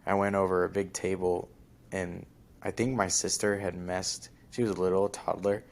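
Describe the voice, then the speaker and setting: Deep-voiced young man telling a story. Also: little pitch movement, normal speed. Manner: rambling, lots of fillers and likes. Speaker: podcast host. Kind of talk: casual storytelling.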